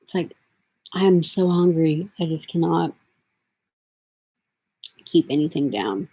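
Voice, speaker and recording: In poor audio, a middle-aged woman with a low, warm voice and a breathy edge speaks slowly yet animatedly to her camera. Her casual vlog talk rambles from one thought to the next, packed with fillers.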